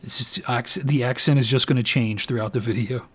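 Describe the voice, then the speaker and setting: A man's voice: mid-range voice, brisk, few pauses, slightly rough. A tipsy man giving rambling, self-mocking let's play commentary. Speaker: game commentator.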